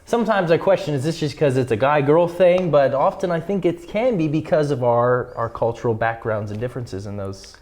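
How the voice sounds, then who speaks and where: A man from Canada and the United States co-hosting a casual church conversation, speaking in a measured, reflective way and affirming his partner. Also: a little high, expressive, darkish tone. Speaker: church podcast co-host.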